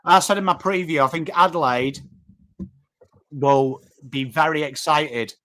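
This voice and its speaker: A man with an English accent hosting a live footy watchalong, mixing game commentary and cheering with quick replies to viewers in chat. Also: fairly high pitch. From England. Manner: animated, jumps between cheering the team and greeting viewers. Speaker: livestream host.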